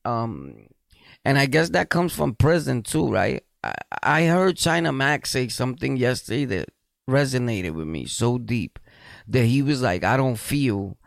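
A man hosting a casual solo podcast, talking in a loose, streetwise way and giving hyped shout-outs with bursts of laughter. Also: medium pitch, lively intonation, a little slow, creaky, dry recording, studio quality. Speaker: podcast host.

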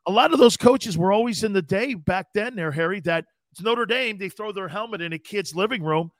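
A man co-hosting a sports talk show, casual and animated, slangy and storytelling. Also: sits high, brisk, no echo. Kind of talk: casual sports radio chat.

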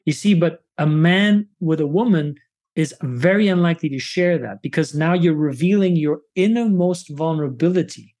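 A man's voice: a little high, darkish tone. A man on a podcast telling a personal story in earnest, candid talk. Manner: earnest, acts out his own past lines in quick bursts.

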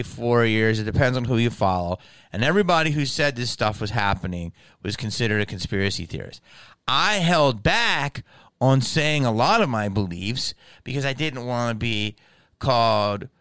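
A male comedian hosts his podcast in an animated, profane solo monologue and breaks into impressions. His voice is smooth and clean at a middle pitch, recorded dry and close. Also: dry recording. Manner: slips in impressions.

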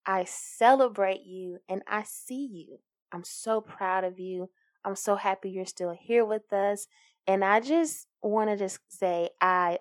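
A woman, hosting a casual solo podcast in an upbeat, encouraging, giggly way. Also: mid-range voice. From Alabama, US. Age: 20s. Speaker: podcast host.

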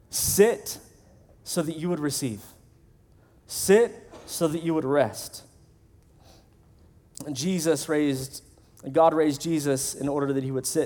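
A man's voice: a little high, darkish tone. A male pastor preaching a sermon in a conversational way, acting out the voices of the people he quotes.

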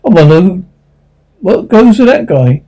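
An impatient studio man in an old radio horror play, voiced by a reader, curt and hurried with a husky, lively delivery. He wants the visitor gone. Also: mid-range voice, rough recording. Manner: curt, trying to get rid of a visitor.

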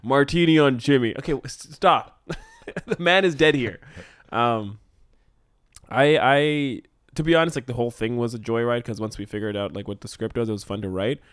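A man with a mid-range voice chats casually on a podcast, lively and teasing, quick to laugh. The recording is dry and close to the mic. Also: mid-range voice, smooth, no echo. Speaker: podcast co-host. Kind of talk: casual chat.

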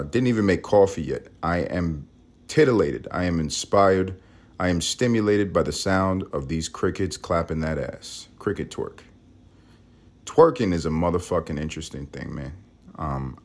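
A man from Harlem with a vocal-fry voice, rambling casually and profanely in a room at home early in the morning. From Harlem, New York. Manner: rambling, profane, low-key. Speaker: podcast host.

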